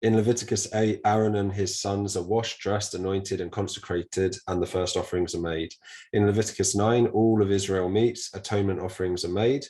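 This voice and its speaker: A man's voice: low-pitched, fairly even intonation, brisk, dark tone. A British man co-hosting a casual Bible podcast, talking earnestly with a slight lisp from a mouth ulcer. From Britain. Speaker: podcast co-host.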